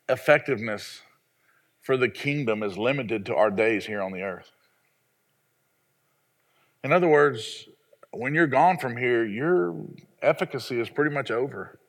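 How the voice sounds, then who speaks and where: A man in his forties, raised in the American South, preaches to his congregation. His pitch sits in the middle, and he tells stories in a folksy, self-deprecating way, often stumbling over his opening words before he finds his point. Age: 40s. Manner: folksy, self-deprecating storytelling with repeated restarts. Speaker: pastor. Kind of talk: sermon.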